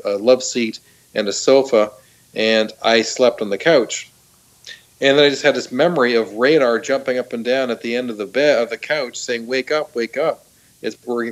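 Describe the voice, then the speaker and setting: A middle-aged man, a talk show guest, excitedly retelling a personal story with frequent laughs, restarts and fillers. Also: medium pitch, normal speed.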